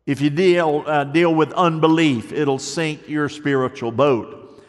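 An older man preaching a sermon, telling stories and moving between lively stretches and soft, hushed passages. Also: a little high, measured pace, big-room sound. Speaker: pastor.

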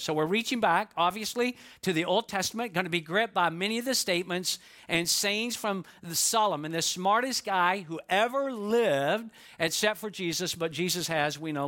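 Male pastor, bright and slightly high voice, folksy conversational sermon delivery. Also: moderate pace, hardly any pauses. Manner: folksy storytelling, conversational asides. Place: church.

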